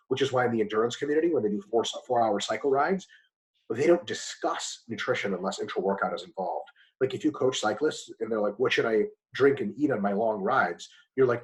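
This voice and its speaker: A man answering interview questions bluntly and emphatically, swearing casually as he explains. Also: rough recording. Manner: fast with sudden pitch jumps. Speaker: guest expert.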